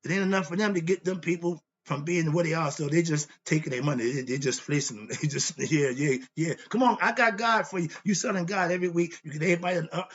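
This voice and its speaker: Speaking fast with hardly a pause, a man with a slightly high, somewhat rough voice comes through lo-fi audio. As host of a philosophy monologue, he preaches about self-knowledge, bluntly and repetitively quizzing himself with rhetorical questions and answering them, clearly irritated.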